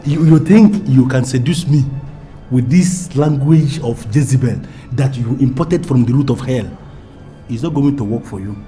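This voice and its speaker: A man's voice: medium pitch, moderate pace, dark tone, faint music behind, natural voice. A man playing a menacing lover with a Nigerian accent. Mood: threatening. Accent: Nigerian English. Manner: menacing, grandiloquent, repetitive. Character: domineering man threatening his lover. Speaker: man confronting his lover. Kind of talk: Nollywood film acting.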